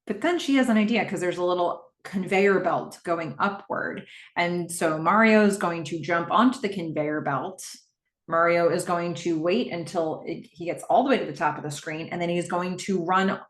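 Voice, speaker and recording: Woman host, low-ish voice, animated episode recap, echoey room. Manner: animated, laughs often, acts out the characters' lines. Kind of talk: casual scene-by-scene recap.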